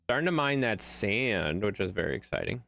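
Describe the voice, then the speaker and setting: A man's voice: lowish voice, very animated, normal speed, vocal fry, a bit bright. A man streaming a game late at night, chatting loosely with viewers and his dog and swearing freely. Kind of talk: casual livestream gameplay commentary.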